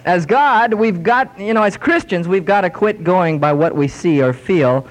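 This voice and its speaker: A man with a fairly high voice and lively intonation preaches a sermon. When quoting scripture he slows down and becomes emphatic, stretching phrases out as they rise in pitch, then returns to plain storytelling.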